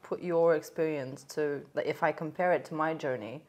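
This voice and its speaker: A woman's voice: sits low, normal speed. A young woman with a London accent, co-hosting a podcast and telling a work story with lots of laughter. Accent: London English. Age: young adult. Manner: animated storytelling, laughs often, acts out quotes. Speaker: podcast co-host, aesthetic therapist. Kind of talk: casual chat, anecdote.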